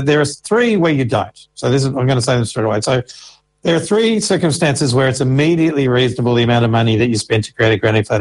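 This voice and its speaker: A man with a middle-pitched voice explains rules in an interview. He is patient and methodical and walks through each case with examples. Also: rough recording. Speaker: Services Australia financial information officer.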